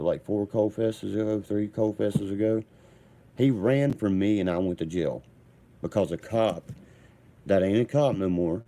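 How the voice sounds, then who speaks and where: Brief: man, deep and mellow, combative vlogger telling a rambling story.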